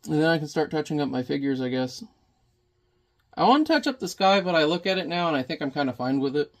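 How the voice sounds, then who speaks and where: A man's voice: a little high, lively intonation, quick pace. A man chatting casually while he paints in watercolor, rambling and muttering to himself as he works.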